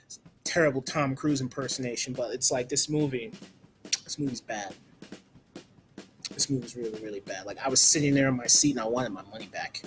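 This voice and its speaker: A man's voice: medium pitch, a little fast, long pauses, a little hiss or hum. A man giving a blunt, casual movie review, ranting with lots of "like" and some swearing.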